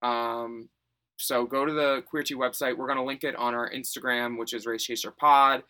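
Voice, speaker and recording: A man co-hosting a podcast in campy, animated casual chat, quick to laugh and tease. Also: medium pitch. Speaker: podcast co-host.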